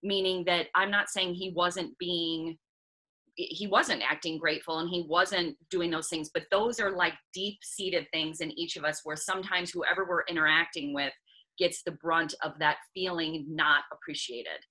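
Reflective bright-voiced female co-host. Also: on the low side, fairly even intonation, moderate pace, rough recording. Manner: reflective, thoughtful explaining. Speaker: podcast co-host giving parenting advice. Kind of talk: casual advice chat.

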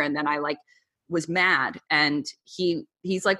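A woman with a husky, slightly breathy voice talks openly with a group. She is candid and emotional, and she fills her speech with "like" and quick asides. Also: on the low side, bright, forceful tone. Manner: candid and emotional, many "like" fillers. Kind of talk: casual conversational talk to a group.

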